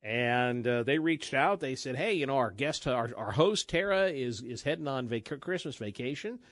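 A man hosting a talk radio show in casual banter, chatty, with halting restarts and frequent laughs. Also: mid-range voice, lively intonation, no echo.

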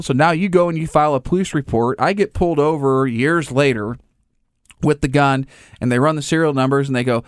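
A man's voice: fairly high pitch, fairly quick, clean tone, dry recording, studio quality. A man who runs a gun store, talking casually in rambling restarts and acting out little scenes with other people's voices. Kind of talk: casual conversation.

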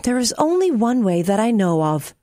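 A woman's voice: on the high side, big pitch swings, moderate pace, dark tone, no room sound, clean studio sound. A woman voicing a fussy, prim frog. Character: fussy, fretful male frog. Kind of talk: storybook reading.

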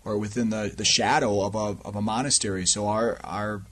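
A man, a priest, answering a caller's questions as a guest on a radio talk show with measured, gentle explanations. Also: lowish voice, fairly even intonation.

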